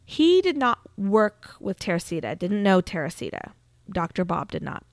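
A woman's voice: medium pitch, big pitch swings, moderate pace, dry recording. A woman hosting a podcast, telling a true-crime story in a chatty, casual way with frequent fillers. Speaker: podcast host.

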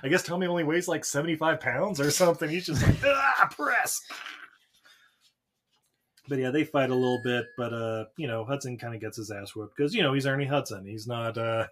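A man co-hosting a podcast in casual chat, joking and laughing as he acts out film scenes in quick voices. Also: mid-range voice, steady tone, a little hiss or hum. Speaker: podcast co-host. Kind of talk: casual chat recapping a movie.

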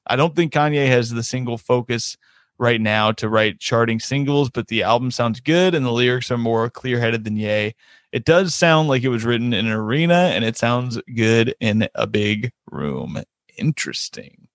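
A man's voice: mid-range voice, animated, normal speed, no room sound, studio quality. A man hosting a casual podcast chat who laughs often, swears freely and reads listener comments aloud. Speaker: podcast host.

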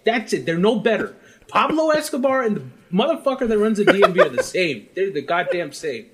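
High-voiced male co-host, big swooping delivery, swears freely while ranting. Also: brisk, background noise. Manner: animated, profane ranting storyteller. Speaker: podcast co-host. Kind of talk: casual chat.

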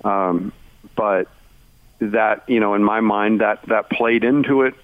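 A man's voice: lowish voice, slow, no room sound. A man, a former coach, chatting about basketball on sports radio, rambling with lots of fillers. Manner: rambling, heavy on "you know" fillers. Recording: tinny phone line.

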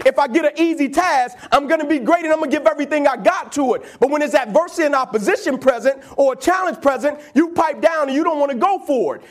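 A man telling a motivational story in an animated, slangy, conversational way. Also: very high-pitched.

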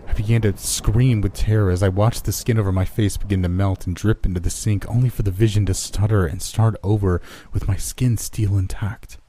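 A man narrating a horror story in a measured, dramatic way. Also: on the low side, steady tone, warm tone, slight background noise.

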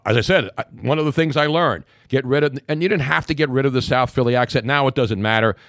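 An older man from Philadelphia hosting a sports radio show, joking and bantering quickly with his guest. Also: medium pitch, a bit bright, dry recording, studio quality. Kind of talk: casual radio talk.

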